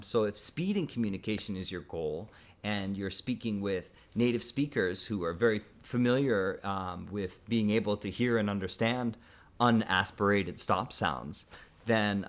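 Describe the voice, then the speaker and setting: Man, English teacher, low-ish voice, casual lesson, hesitant fillers. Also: a bit bright. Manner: thoughtful, frequent um and uh fillers.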